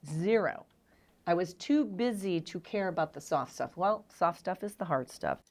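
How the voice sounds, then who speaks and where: Middle-aged lady guest telling blunt stories about herself, lower voice. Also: normal speed. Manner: frank, animated, self-deprecating storyteller. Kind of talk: candid storytelling interview.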